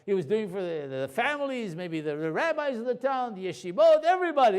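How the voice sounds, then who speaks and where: Man, rabbi, high voice, animated conversational lecture, live audience. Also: brisk, hardly any pauses, smooth. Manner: animated, conversational, drops voice for the story. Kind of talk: storytelling Torah lecture.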